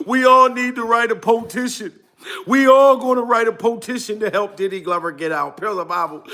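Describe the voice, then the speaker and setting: A high-pitched man rants to his live chat in an over-the-top comic style. He mock-sobs and wails through his lines and keeps returning to the same catchphrases. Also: sharp tone. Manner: mock-sobbing, exaggerated wailing with repeated catchphrases. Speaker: comedian livestream host. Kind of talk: comedic fake-crying rant to live chat.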